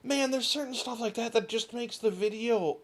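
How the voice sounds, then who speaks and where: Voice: mid-range voice, moderate pace. A gaming channel host ranting casually over gameplay, rambling and swearing freely, with frequent laughs.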